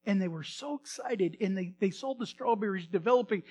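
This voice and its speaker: A male pastor telling a story in a sermon, animated, swinging from loud bursts to hushed retelling. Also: high-pitched, a little fast.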